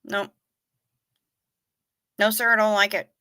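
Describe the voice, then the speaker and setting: A woman hosting a casual livestream, chatting and reacting to comments with quick asides. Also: medium pitch, flat delivery, bright, forceful tone, clean tone, dry recording. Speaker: livestream host reading chat. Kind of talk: casual chat.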